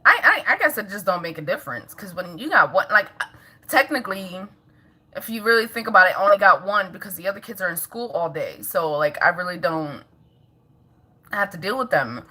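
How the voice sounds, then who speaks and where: Woman, mom vlogger, husky, lively pitch, casual chat at home, laughs a lot. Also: fairly quick. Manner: chatty, laughs often, scolds a toddler in between. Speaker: vlogger and mother.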